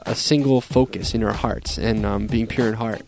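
A man's voice: fairly low pitch, fairly even intonation, moderate pace, creaky, darkish tone. Man on a christian radio show, thoughtful but playful, um-ing a lot, music faint in the back. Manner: earnest reflection with playful quips. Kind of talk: casual faith talk on radio.

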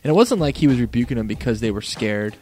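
A man's voice: mid-range voice, animated, fast, a little mellow. A man co-hosting a Christian radio podcast, talking in a laid-back, rambling way and laughing often. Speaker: co-host. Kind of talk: casual podcast chat.

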